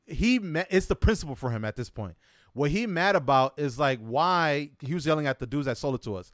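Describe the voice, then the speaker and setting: An American man telling a story in a casual chat, animated and acting out what people said. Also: fairly high pitch, no room sound, studio quality. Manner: animated, acts out quotes, fast with frequent "right?". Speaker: storyteller guest.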